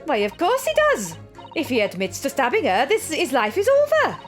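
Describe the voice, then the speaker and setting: A woman's voice: high voice, huge pitch swings, normal speed, soft background music. A woman voicing a haughty, prim older lady juror in a video game playthrough, speaking with disdain.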